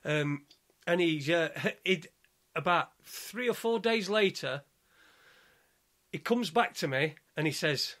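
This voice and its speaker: Brief: high-pitched man, rambling anecdote, lots of ums. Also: animated, measured pace, fairly bright tone. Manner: rambling storyteller, many restarts and ums. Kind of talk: casual chat.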